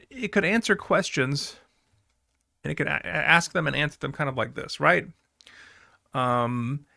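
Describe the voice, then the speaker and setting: A man's voice: on the high side, gravelly, pushed and bright, no echo, studio quality. A man teaching a class in a recorded lecture, talking conversationally with fillers and asides.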